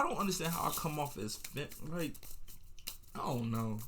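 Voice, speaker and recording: A man's voice: on the high side, expressive, moderate pace, sharp tone, a little hiss or hum. Slangy young man rambling through a story. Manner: rambling, slangy, restarts and asides. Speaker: podcast host. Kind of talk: casual storytelling monologue.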